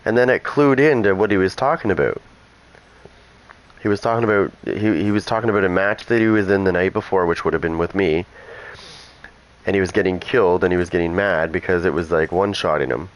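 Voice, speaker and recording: A man's voice: low-pitched, brisk, poor audio. A man who runs a gaming channel, chatting casually and rambling through asides while he plays. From Canada. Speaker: gaming streamer. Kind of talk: casual chat over gameplay.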